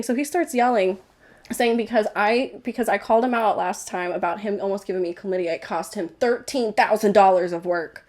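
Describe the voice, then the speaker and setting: A woman's voice: medium pitch, fairly quick, darkish tone. A young woman tells a story on a podcast in casual chat. She acts out each person in it as she goes and laughs often. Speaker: podcast guest.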